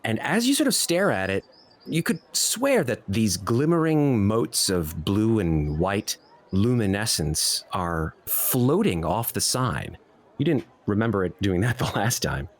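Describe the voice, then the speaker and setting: Dm guy narrating the scene, lowish voice that swings a lot, takes his time. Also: measured pace. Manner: descriptive, expressive storytelling. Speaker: dungeon master. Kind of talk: narrating a tabletop game.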